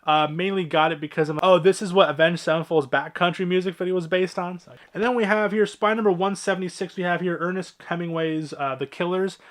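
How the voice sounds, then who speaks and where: A man's voice: fairly high pitch, fairly bright tone. A man casually walking through his movie collection, talking in a rambling, offhand way with lots of fillers and the odd swear.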